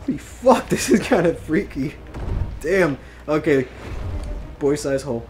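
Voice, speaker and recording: A gamer giving live gameplay commentary, excitable, swearing often and breaking into yelps and laughs. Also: medium pitch, unhurried. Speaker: let's play gamer. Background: game music.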